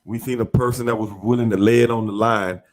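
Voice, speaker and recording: A man's voice: medium pitch, steady tone, quick pace. A man hosting a podcast in casual interview chat, talking in an emphatic, repetitive, slangy way. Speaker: podcast host.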